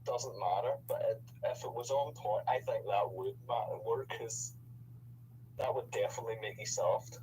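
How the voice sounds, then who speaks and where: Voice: mid-range voice, normal speed, noisy background. A podcast co-host in casual chat, dryly playing devil's advocate.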